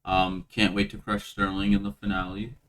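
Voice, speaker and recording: A man hosting a casual online quiz show, chatting haltingly and laughing often. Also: low voice, flat delivery, a bit bright, low-quality recording. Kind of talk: casual gaming chat.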